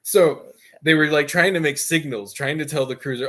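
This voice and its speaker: A man's voice: mid-range voice, fairly quick, sharp tone. A man hosting a gaming stream, telling a long story in casual chat with jokey asides and frequent laughs. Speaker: stream host.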